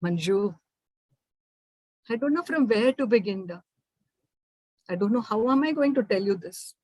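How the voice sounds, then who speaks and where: A woman with an Indian English accent voicing a tired, gentle working mother in a storytelling performance. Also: medium pitch, lively intonation, normal speed, dry recording, natural voice, rough recording. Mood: hesitant, confiding.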